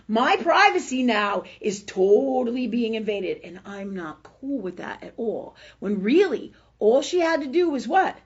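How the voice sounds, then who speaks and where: A woman hosting a casual spiritual talk show, animated and profane, who keeps asking "right?" as she talks. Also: fairly high pitch, normal speed, hardly any pauses, slightly rough, lo-fi sound. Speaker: host.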